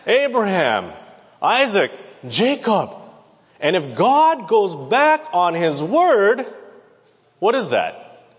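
A man's voice: high voice, wildly swooping pitch, slow pace, pauses often. A man preaching a Bible lesson, talking conversationally and asking the audience questions. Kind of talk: Bible teaching sermon. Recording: long reverb of a large hall.

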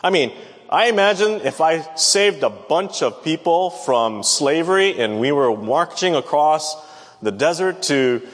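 Man preaching, conversational, quizzes the congregation, somewhat high voice, long hall reverb. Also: lively intonation, a little slow. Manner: conversational, questions the audience. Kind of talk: Bible teaching sermon.

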